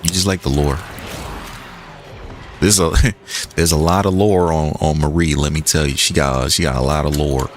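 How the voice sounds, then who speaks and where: A man's voice: rumbling low, normal speed, a little hiss or hum. A young man chatting casually and joking with his chat while he plays a game on a stream. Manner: animated, joking, reads and answers chat. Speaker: gaming streamer.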